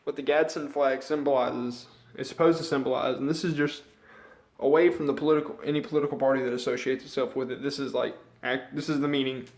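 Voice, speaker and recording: This young U.S. vlogger has a mid-range, darkish voice that stays steady while he talks fast. His casual opinion rant rambles and is thick with swearing, and he loses his thread while sounding out of breath and a little sick.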